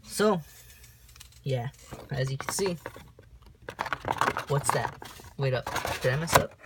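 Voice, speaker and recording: A young man giving casual unboxing commentary, reading off cards in a slow list broken by sudden high whoops, recorded on a camera mic in a room at home. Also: expressive, heavy background noise. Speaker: card-opening vlogger.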